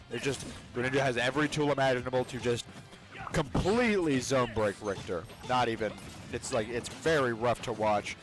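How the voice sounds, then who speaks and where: Casting note: young male esports caster, mid pitch, hype play-by-play, game music underneath. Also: low-quality recording. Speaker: esports commentator. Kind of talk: live game commentary.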